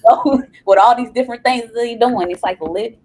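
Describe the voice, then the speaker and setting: A woman's voice: on the high side, fairly quick, a little mellow, slight background noise, low-quality recording. A woman guest on a podcast, talking earnestly and giving advice in casual conversation.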